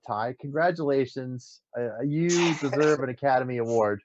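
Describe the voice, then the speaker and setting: A male host of a live comedy stream, effusive and excitable. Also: medium pitch, moderate pace, few pauses, highs cut off, noisy background.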